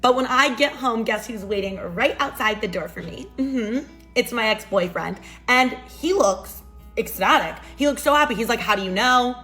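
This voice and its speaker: A woman's voice: a little high, animated, moderate pace, sharp tone, faint music behind. A young adult woman narrating a personal drama in storytime fashion, sarcastic and dramatic. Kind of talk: storytime narration for social video.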